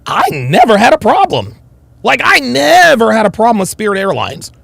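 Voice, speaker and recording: A man's voice: high voice, wildly swooping pitch, moderate pace, creaky, fairly bright tone, dry recording. A man hosting a casual livestream, reacting with mockery to a video and reading viewer comments aloud. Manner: mocking, reads chat comments aloud. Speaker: livestream host.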